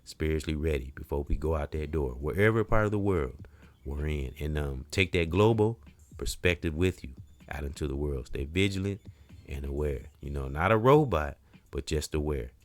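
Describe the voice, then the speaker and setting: A man with an extremely low voice gives a loose, preacherly motivational talk on his podcast. He drifts from quiet murmurs to sudden loud emphasis and drops casual slang. The recording is dry and close. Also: expressive, normal speed, no room sound. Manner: rambling, preacherly, repeats phrases, swings between quiet and loud emphasis. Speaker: podcast host.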